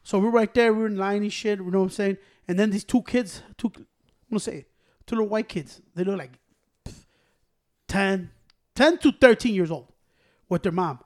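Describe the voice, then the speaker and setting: A young man telling a story in casual chat with friends, profane and animated, breaking into laughs. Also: high voice, moderate pace, long pauses. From Hispanic American.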